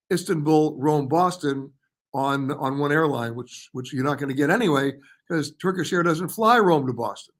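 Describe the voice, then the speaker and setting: A man hosting a live travel show, reading viewer questions and comments aloud and answering them in a chatty way with quick verdicts. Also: on the high side, fairly bright tone. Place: hotel or studio in Paris.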